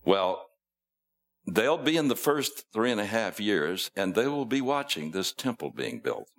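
Male preacher, low and unhurried, casual storyteller who chuckles at his asides. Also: big pitch swings, a bit bright, soft background music. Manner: folksy storytelling, acting out quotes. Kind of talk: sermon.

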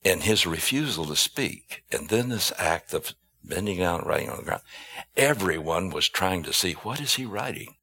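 Man, sermon, deep voice, unhurried, bright tone, rhetorical questions. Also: vocal fry, breathy edge. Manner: slow, emphatic, rhetorical questions, drawn-out stressed words. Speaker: preacher.

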